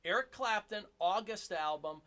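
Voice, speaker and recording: A man's voice: sits high, normal speed, sharp tone. A man giving a casual drum lesson in his basement drum room, chatty and enthusiastic, joking about himself. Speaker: drum teacher.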